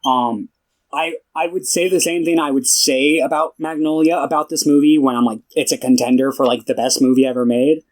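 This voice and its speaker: A young man co-hosting a casual film podcast, retelling a movie scene with excitement and plenty of swearing. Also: mid-range voice, fairly quick, rough recording. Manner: excited, profane retelling with acted quotes. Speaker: podcast co-host.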